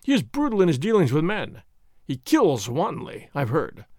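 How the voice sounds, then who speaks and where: A man's voice: on the high side, wildly swooping pitch, normal speed, darkish tone, no echo, clean studio sound. A man voicing an arrogant army captain who speaks in a formal, self-assured, boasting way. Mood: scornful.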